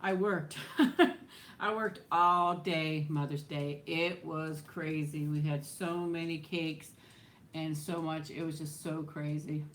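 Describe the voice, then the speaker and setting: A middle-aged woman hosting her own live stream, answering viewers' questions in a loose, rambling way and breaking into laughs. Her voice sits fairly low for a woman, and a faint hiss runs under it from a home webcam or phone mic. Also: steady tone, slow. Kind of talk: casual live-stream chat.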